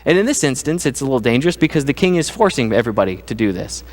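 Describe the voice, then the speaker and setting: A man's voice: mid-range voice, rapid-fire. A middle-aged man giving a sermon as pastor, talking conversationally and acting out voices. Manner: conversational, animated, acts out quoted voices. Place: church sanctuary. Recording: church sanctuary with long reverb.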